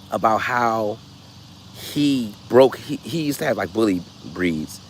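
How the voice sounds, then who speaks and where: A man vlogging, telling stories in a loose, animated way and acting out voices. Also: medium pitch, a little hiss or hum. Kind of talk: casual storytelling.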